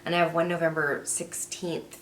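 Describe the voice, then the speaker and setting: A woman's voice: low-pitched, flat delivery, normal speed, fairly bright tone, a little hiss or hum. A woman voice actress and comedian chatting casually and rambling during a makeup session. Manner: chatty, rambling, self-deprecating. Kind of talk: casual chat. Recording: echoey room.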